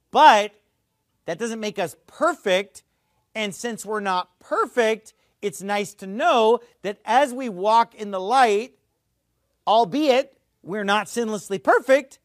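A man's voice: high voice, no echo, studio quality. A man preaching a sermon as a pastor, emphatic and argumentative.

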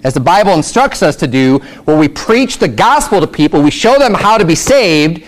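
A man's voice: sits high, very animated, normal speed. A man preaching a sermon as pastor, reading scripture aloud and explaining it in casual asides, pushing up to emphatic peaks with rhetorical questions.

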